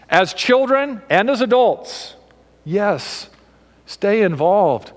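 A man preaching a sermon, emphatic, swinging between raised and hushed delivery. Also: high voice, sing-song, slow pace, long reverb tail.

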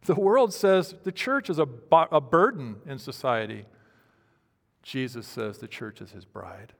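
A man's voice: mid-range voice, expressive, measured pace, creaky. Dramatic preaching man in a reverberant hall. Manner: dramatic delivery, swinging from loud pleading to hushed near-whispers. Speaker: pastor. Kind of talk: sermon.

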